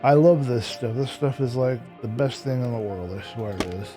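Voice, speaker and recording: A man's voice: mid-range voice, normal speed, music in the background. A man giving casual Minecraft gameplay commentary, a little tired and yawning, who likes to explain each step as he builds. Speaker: Minecraft YouTuber.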